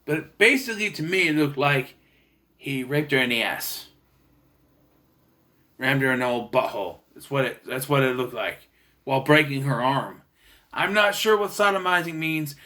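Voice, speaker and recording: A man's voice: medium pitch, lively intonation, normal speed, long pauses, pushed and bright. A young man giving a casual, rambling movie review, often restarting and correcting himself. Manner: rambling, unsure, lots of restarts and self-corrections. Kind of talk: casual spoken film review.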